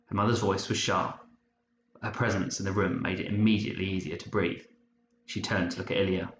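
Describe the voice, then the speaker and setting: Low-voiced male audiobook narrator. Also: fairly even intonation, a little fast, a bit bright. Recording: muffled roomy recording, faint hiss.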